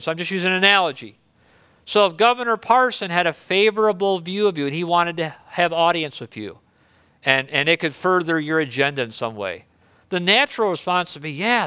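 A man's voice: sits high, animated, fairly quick, pushed and bright, clean tone, no room sound. A man preaching a sermon in a conversational, earnest way, reading scripture and explaining it. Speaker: pastor.

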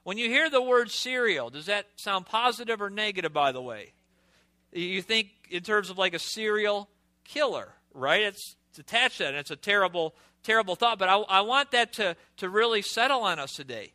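A man's voice: sits high, lively intonation, normal speed, bright, forceful tone, dry recording. A man preaching a sermon, reading scripture aloud and stressing key words by repeating them and putting rhetorical questions to his listeners. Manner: asks the audience rhetorical questions.

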